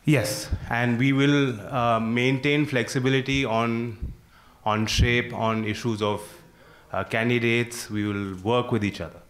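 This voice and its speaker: A man with an Indian English accent answers as a party leader on a TV panel. His voice is even and mid-pitched. He stays relaxed, dodges the details and slips in a quick one-liner. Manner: relaxed, evasive, quippy. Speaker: party vice president, panel guest. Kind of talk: panel debate.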